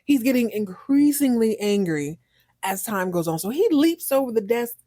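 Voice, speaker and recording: A woman hosting a podcast, recapping a soap opera in an animated, slangy way. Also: fairly high pitch, moderate pace, no echo, clean studio sound. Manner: animated, slangy, laughing storyteller. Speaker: podcast host.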